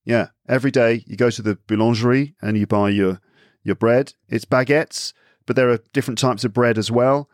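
A man's voice: mid-range voice, fairly even intonation, brisk, dry recording, studio quality. An English man chatting casually as a podcast guest, talkative, often correcting himself mid-sentence and laughing easily. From England. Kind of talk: casual chat.

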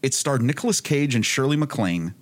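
A man hosting a casual comedy podcast, animated and halting with frequent ums as he runs a movie list game. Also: mid-range voice. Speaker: podcast host. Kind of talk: casual chat.

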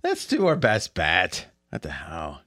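A man hosting a sports betting podcast, telling stories with lots of laughter and quick restarts. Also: deep voice, music in the background. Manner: animated storyteller, laughs often. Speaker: podcast host. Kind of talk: casual sports betting chat.

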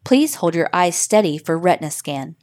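A woman voicing a calm alien guide inside a virtual reality headset, giving flat, instructive commands. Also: fairly low pitch, normal speed, lightly acted.

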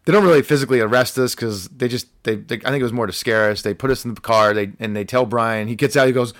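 A man's voice: medium pitch, fast, hardly any pauses, no echo, studio quality. A young adult man, a podcast guest, casually telling a funny story from his teenage years. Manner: animated anecdote telling, acts out quoted voices.

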